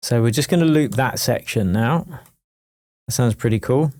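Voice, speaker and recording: A man teaching a music production tutorial in a chatty, jokey way, wired on coffee and full of quick asides. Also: medium pitch. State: wired on coffee, talking fast. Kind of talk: screen-recorded production tutorial.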